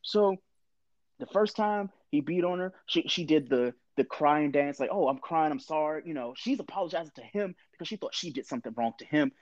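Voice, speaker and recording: A man's voice: on the high side, lively intonation, fairly quick, dry recording, dull audio. A man in his thirties with a candid, profane storytelling manner, talking in a casual conversation.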